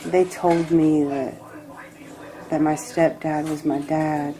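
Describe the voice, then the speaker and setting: Low-voiced woman doing a tarot reading. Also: little pitch movement, warm tone, low-quality recording. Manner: reflective and emotional, rambling with pauses. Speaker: tarot reader. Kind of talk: personal tarot reading monologue.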